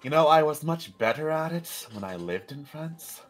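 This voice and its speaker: A man's voice: on the high side, expressive, normal speed. An actor playing an anxious Englishman, a stage performer living in France, who talks in a hesitant, rambling way. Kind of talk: character role-play.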